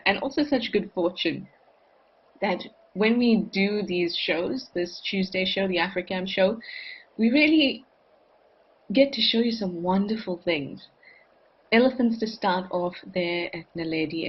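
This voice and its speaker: A woman's voice: medium pitch, measured pace, slightly rough, muffled recording. A woman hosting a live wildlife cam show, chatting enthusiastically and reading out viewer comments.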